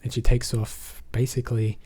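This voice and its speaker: A man's voice: mid-range voice, flat delivery, moderate pace, mellow, husky. An Australian man recapping a movie in a rambling, casual way, often filling gaps with "basically" and "um". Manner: rambling, leans on fillers like "basically" and "um". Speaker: movie reviewer.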